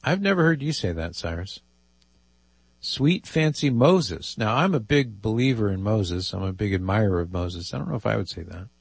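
A man's voice: lowish voice, lively intonation, quick pace, vocal fry, few pauses, no room sound. A man hosting a call-in radio show, reading listener emails aloud with amused asides. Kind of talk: casual call-in radio talk.

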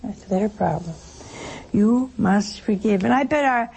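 Woman, religious speaker: gravelly, playful storyteller, sermon-style address to listeners. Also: mid-range voice, measured pace, darkish tone. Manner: storytelling, playful, laughs and acts out voices.

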